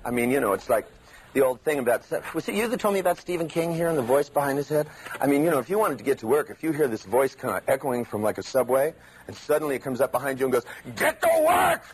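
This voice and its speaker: A man giving an animated live seminar lecture, acting out the inner voices he describes. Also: medium pitch, quick pace, a little hiss or hum, poor audio.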